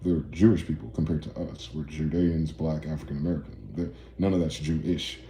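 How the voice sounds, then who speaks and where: A man's voice: a bass voice, little pitch movement, a little fast, mellow, echoey room, a little hiss or hum. A man from New Jersey hosting a livestream, rambling, profane and ranting as he reads out chat comments. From East Orange, New Jersey. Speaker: livestream host.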